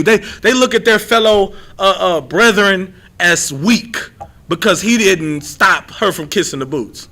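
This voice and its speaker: A young man giving a livestreamed scripture teaching as a street preacher, animated and rambling, often repeating himself. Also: high voice, moderate pace.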